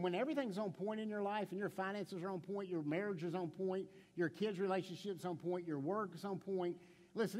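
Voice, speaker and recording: In a church sanctuary with a big-room sound, a middle-aged male pastor delivers a chatty sermon in a high, slightly mellow voice. Playful storytelling with acted quotes fills his talk, along with rhetorical questions and stammered restarts.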